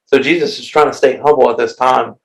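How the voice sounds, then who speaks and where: A man in a relaxed chat, reading scripture and explaining it in slangy everyday words. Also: mid-range voice, a little fast, creaky, low-quality recording. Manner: laid-back, slangy, talks it through. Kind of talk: casual Bible reading and chat.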